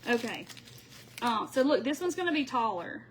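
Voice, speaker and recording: A woman's voice: a little high, very animated, normal speed, slight background noise, rough recording. A woman hosting a casual craft livestream, chatting and laughing with viewers by name while she works. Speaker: craft tutorial host.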